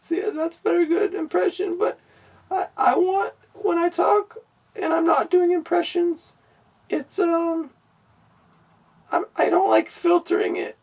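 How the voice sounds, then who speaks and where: A man voicing a shrunken, kidnapped female pop singer who frets in a raspy, husky squeak during comedy podcast improv. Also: little pitch movement, a little slow, a little mellow, recorded from a distance, heavily acted. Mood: pleading. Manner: whiny, fretful and earnest.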